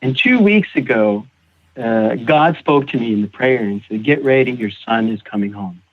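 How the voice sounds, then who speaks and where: A man guest on a recovery podcast, telling his personal story in a halting way, repeating words and acting out what others said. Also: mid-range voice, lively intonation. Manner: halting, repeats words, acts out quoted voices. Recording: tinny phone-like audio.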